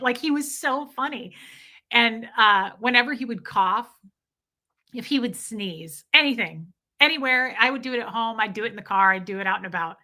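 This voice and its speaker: A woman in her thirties casually telling stories to her viewers, animated and candid, swearing now and then. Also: on the high side, moderate pace. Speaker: vlogger.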